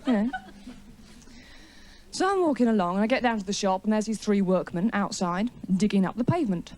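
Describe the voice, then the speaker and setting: A woman's voice: medium pitch, animated, a little fast, darkish tone. A woman doing a stand-up routine in a TV studio before a live audience, telling a story with chatty, wry self-mockery and teasing the crowd. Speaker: stand-up comedian.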